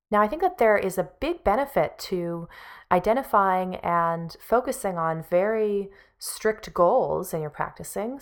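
A woman with a lowish, slightly bright voice is teaching music. She gives an earnest, encouraging spoken practice lesson to camera, using lots of fillers.

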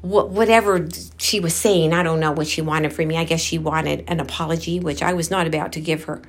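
A woman vlogger telling a personal story while out walking, candid and animated, quoting what people said and talking to her viewers directly. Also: low-pitched, brisk. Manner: candid, animated retelling with quoted dialogue; addresses viewers directly as guys.

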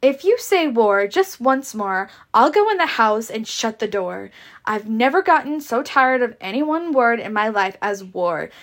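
Woman reading a bored spoiled southern belle, highish voice, drawl barely there. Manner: read plainly with a half-tried drawl.

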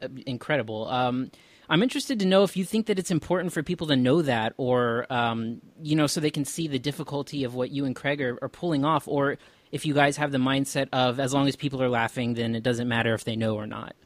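A man's voice: medium pitch, a little fast, no room sound. A man hosting a podcast, asking thoughtful interview questions with some hesitant fillers. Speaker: podcast host.

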